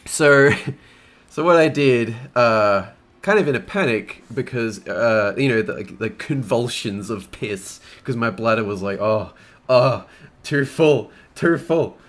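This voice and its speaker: A man's voice: medium pitch, measured pace, fairly bright tone. A young man, casually answering fan questions and telling crude stories, swearing often and laughing as he goes. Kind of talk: casual Q&A storytelling.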